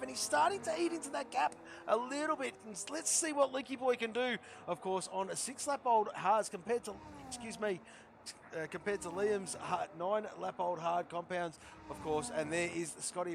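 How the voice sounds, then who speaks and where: A man commentating a sim racing league, chatty and repeating himself, his voice hoarse and giving out. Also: extremely high pitch, background noise. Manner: chatty, repeats phrases, calls drivers by nicknames. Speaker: race commentator.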